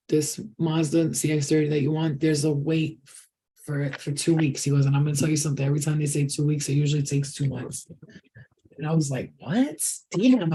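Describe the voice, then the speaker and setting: A woman reading tarot and channeling, telling stories in a casual, excitable livestream chat with lots of swearing. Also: low-pitched, breathy edge. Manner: excitable storytelling with frequent swearing.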